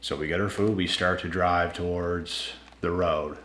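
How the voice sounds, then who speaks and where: A man telling a personal story to his viewers in a casual, animated way, slangy and swearing freely. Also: deep voice, a little slow, echoey room, slight background noise.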